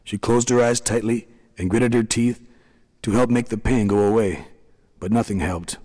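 Low-voiced male storyteller, reverberant. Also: fairly even intonation, moderate pace, darkish tone. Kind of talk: scripted narration. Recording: long reverb.

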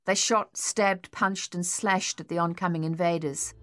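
A woman narrating an audiobook in a measured, even reading. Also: on the low side, soft background music. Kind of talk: scripted narration.

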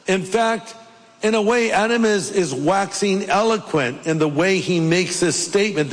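Man, pastor, sermon, jokey asides, high pitch, reverberant hall. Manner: jokey, puts on playful accents.

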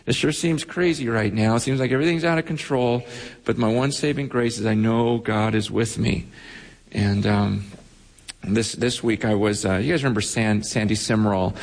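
A male pastor preaching a sermon, telling a story with animated delivery, repeating words and swinging his pitch up and down. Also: normal speed. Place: church sanctuary. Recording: long church hall reverb.

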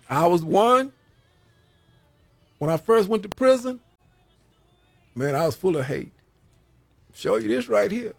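A man's voice: high voice, dry recording. A man who served prison time, preaching a sermon in a folksy way and repeating his phrases for emphasis.

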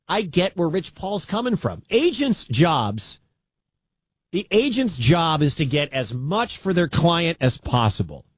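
A man's voice: a little high, breathy edge, no room sound. Emphatic male sports radio host. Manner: emphatic, repeats key points.

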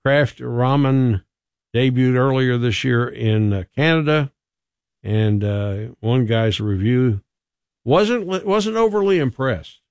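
A man's voice: mid-range voice, takes it slowly, a little mellow, clear, resonant tone, no echo. A man co-hosting a radio show, chatting casually and reading a food news item with joking asides. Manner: easygoing, chatty, reads news items with asides. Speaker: radio co-host.

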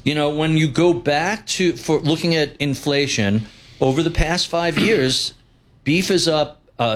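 A man speaking as a guest on a live financial show, blunt and opinionated with wry asides. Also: mid-range voice. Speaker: guest investment commentator. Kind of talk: live financial talk interview.

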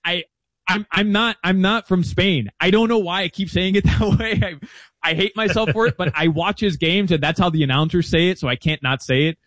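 A man guest on a sports talk interview, sharing betting picks in a chatty, animated way. His voice sits a bit high. The sound is close and dry. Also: no room sound. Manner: chatty and animated, fast asides. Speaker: soccer betting guest analyst. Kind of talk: casual interview chat.

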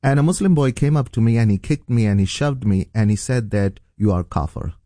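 A man's voice: mid-range voice, brisk, mellow, no room sound, clean studio sound. A middle-aged man from Pakistan, a pastor, earnestly telling his personal testimony as an interview guest. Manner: earnest, storytelling.

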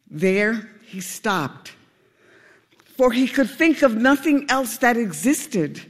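A man narrating a storybook tale in a gentle, unhurried way. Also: extremely high pitch, very animated, long reverb tail.

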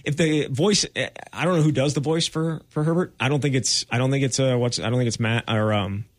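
A man hosting a morning radio show, chatting in a halting way with frequent laughs. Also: medium pitch, dry recording, clean studio sound. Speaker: radio host.

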